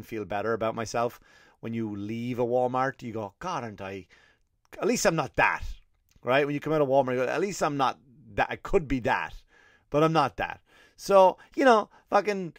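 Sarcastic Irish comedian, rambling solo talk. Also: male voice, mid-range voice, dry recording, studio quality. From Ireland. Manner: sarcastic, rambling, profane, with frequent restarts. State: scratchy throat. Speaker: comedian podcast host. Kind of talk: casual solo comedy monologue.

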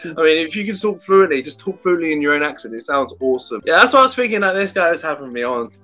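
Jokey english tutor guy on a video call, voice jumps all over, bright and sharp. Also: on the high side, fast, soft background music. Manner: jokey, animated, laughs a lot. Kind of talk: casual chat on a video call.

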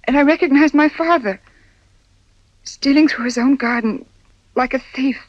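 A woman's voice: sits high, normal speed, lightly acted. An actress playing a frightened young woman in a 1940s film, telling her story in an anxious, pleading way. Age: young adult. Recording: dull old film soundtrack.

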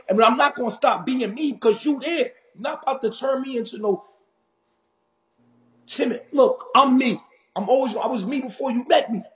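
A man from Harlem with a New York accent, ranting intensely and confrontationally on a live stream, loud and in your face. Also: sits high. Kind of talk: heated live stream rant.

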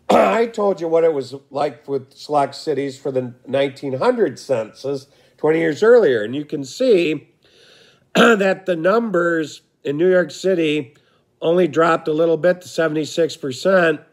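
A man teaching a recorded history lesson, his voice going hoarse, talking in a relaxed way with frequent fillers and throat clearing. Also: fairly high pitch, a little slow.

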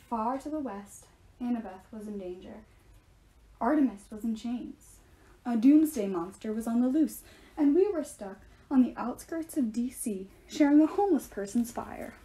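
A woman reading a novel aloud in steady first-person storytelling. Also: on the high side, normal speed, breathy edge. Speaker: reader.

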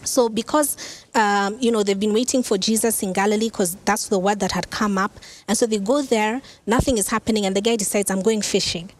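A woman pastor preaching a sermon who tells the story in a lively, conversational way with casual asides. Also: medium pitch, a little fast. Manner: animated storytelling, acts out quoted lines.

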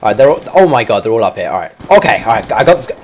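A man's voice: lowish voice, sing-song, racing, a little mellow, slight background noise. A man giving live commentary over his own gameplay. He chats in a self-mocking way, then yelps and squeals at sudden moments. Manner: chatty and self-mocking between fights.

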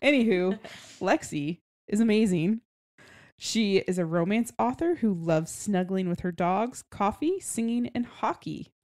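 A woman's voice: medium pitch, lively intonation, unhurried, darkish tone, dry recording. A young woman co-hosts a casual book-review podcast in a chatty, giggly way, leading her friends through the summary. Her voice sits in a middle range and sounds dry and close to the mic. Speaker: podcast co-host.

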